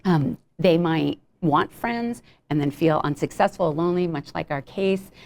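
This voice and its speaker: In a low, gravelly voice at a measured pace, a woman gives a clinical lecture on child behavioral health. She keeps it relaxed and conversational, with frequent ums and brief acted-out examples.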